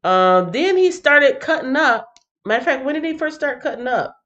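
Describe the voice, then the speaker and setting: A woman's voice: sits high, lively intonation, normal speed, a bit bright, muffled recording. A woman hosting a Bible reading stream, chatting casually and animatedly with many fillers.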